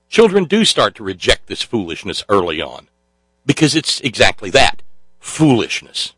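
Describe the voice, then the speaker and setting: A man's voice: on the low side, huge pitch swings, moderate pace, fairly bright tone, breathy edge, dry recording. A man from the Southern United States with a Southern accent, hosting a casual talk show and mocking his subject in a sarcastic, rambling way. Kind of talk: casual commentary.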